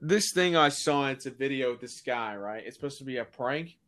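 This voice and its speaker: A man's voice: mid-range voice, expressive, fairly quick, a bit bright. Laid-back young man telling a story. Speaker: podcast co-host. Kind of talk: casual chat.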